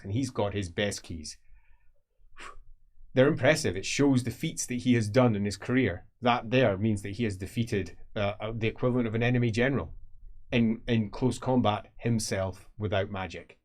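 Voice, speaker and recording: A man narrating a tabletop fantasy game as game master, descriptive and casually swearing. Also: on the low side.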